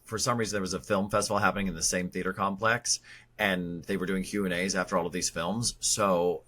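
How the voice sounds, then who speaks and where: Jokey guy, fairly low voice, bright and punchy, theatre podcast cohost. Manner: animated, jokey, fast asides. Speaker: podcast co-host. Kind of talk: casual chat.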